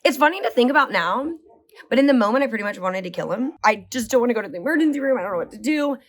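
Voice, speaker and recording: Chatty woman vlogger rambling through a story. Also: a little high. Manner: animated, rambling, heavy use of "like"; speeds up and slows down often. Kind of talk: casual storytelling to camera.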